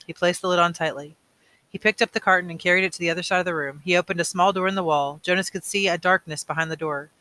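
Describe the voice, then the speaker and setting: Bright-voiced man reading a novel aloud. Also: high-pitched, fairly even intonation, fast talker. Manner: plain reading with small slips and self-corrections. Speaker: audiobook reader.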